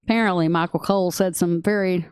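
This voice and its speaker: A woman with a Texan accent co-hosting a casual podcast chat, excitable and gushing, laughing often. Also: lowish voice, fast, smooth, no echo, clean studio sound. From Texas. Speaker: podcast co-host.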